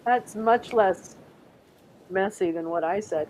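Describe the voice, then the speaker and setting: Slow-talking chatty woman on a live stream. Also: mid-range voice, darkish tone, slight background noise, rough recording. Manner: rambling, chatty, laughs often, tries French words. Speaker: livestream host. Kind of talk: casual live-stream chat, reading out chat.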